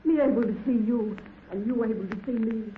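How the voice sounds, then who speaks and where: An actress playing an excitable, frightened young woman who pleads breathlessly, in 1930s radio drama style. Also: on the high side, a little fast, narrow, tinny audio, lightly acted. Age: young adult. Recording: scratchy, echoey 1930s radio broadcast.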